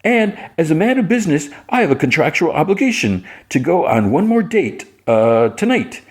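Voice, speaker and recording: A man voicing an eager, boastful young man in a high, excitable voice. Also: moderate pace, slightly rough, heavily acted.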